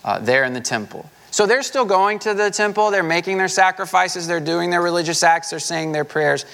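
A man's voice: high voice, normal speed, gravelly, pushed and bright. A man, a pastor, giving a conversational sermon with a folksy, casual manner and frequent filler words.

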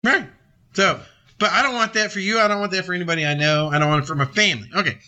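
High, sharp-voiced male preacher. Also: fast talker. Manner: emphatic and conversational, reads scripture aloud. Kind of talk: sermon.

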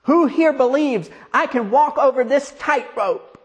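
A man voicing a boastful male tightrope-walking showman who is loudly whipping up a crowd. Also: very high voice, a little slow, pitched above the performer's own voice. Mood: boastful, showy. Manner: grand announcing, whipping up a crowd.

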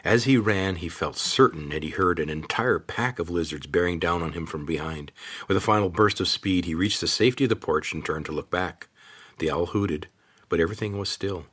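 Deep husky male storyteller. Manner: steady, measured storytelling. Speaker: narrator. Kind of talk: scripted audiobook narration.

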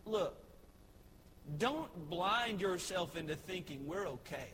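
High-voiced Texan pastor preaching. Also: male voice, lively intonation, slow, a bit bright, poor audio. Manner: conversational storytelling with frequent fillers. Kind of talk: evening sermon. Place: church sanctuary. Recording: clear background noise.

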